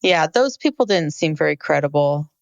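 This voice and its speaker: A woman co-hosting a podcast, chatting in a relaxed, conversational way. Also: low-pitched, normal speed, gravelly, dry recording, muffled recording. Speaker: podcast co-host. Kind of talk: casual chat.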